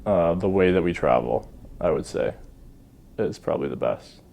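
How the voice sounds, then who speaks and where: Low gravelly laid-back man. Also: lively intonation, normal speed, mellow, a little hiss or hum. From Canada. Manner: laid-back, many ums and uhs, self-deprecating. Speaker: guest, pro hockey goalie. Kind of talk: relaxed interview chat.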